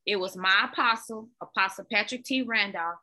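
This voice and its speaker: A woman guest, a fitness coach, telling her own story candidly, animated and often repeating words. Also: medium pitch, moderate pace. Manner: animated, repeats words, talks to listeners as "y'all".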